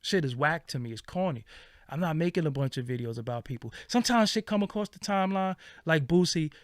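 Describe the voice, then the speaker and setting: A man's voice: on the high side, fairly quick, no echo, studio quality. A man hosting his channel, telling a story casually, swearing freely and acting out what people said. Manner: animated, profane, acts out quoted lines. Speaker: channel host.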